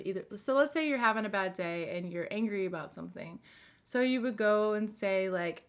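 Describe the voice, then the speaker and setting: A young woman speaking to camera in a casual wellness vlog. She sounds earnest and chatty, with plenty of fillers and little restarts in her sentences. Her voice sits at an ordinary pitch for a woman. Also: steady tone, moderate pace, muffled recording. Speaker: wellness vlogger. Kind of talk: casual personal vlog talk.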